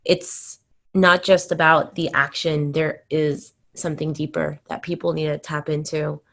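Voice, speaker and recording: A woman's voice: sits low, flat delivery, a little slow, vocal fry, a bit bright. A woman hosting an interview, speaking thoughtfully and somewhat hesitantly, with filler words as she reflects. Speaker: podcast host.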